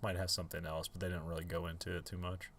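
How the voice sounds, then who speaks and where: A man's voice: deep voice, level tone, quick pace, a bit bright. A man co-hosting a podcast in casual chat, rambling with many fillers and restarts and laughing often. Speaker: podcast co-host.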